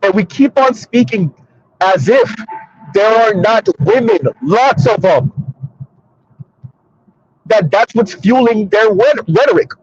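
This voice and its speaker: A man in his thirties delivers sassy, preachy social commentary straight to his audience. His voice is fairly high and slightly husky. The sound is dry and dull, like a lo-fi recording. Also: animated, slow, pauses often, no echo. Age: 30s. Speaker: commentary streamer.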